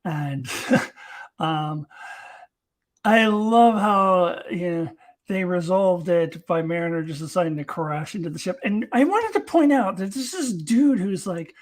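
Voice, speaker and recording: A woman's voice: on the low side, animated, a little slow. A woman giving a casual live-streamed review of a TV episode, chatty and enthusiastic, with lots of fillers as she talks.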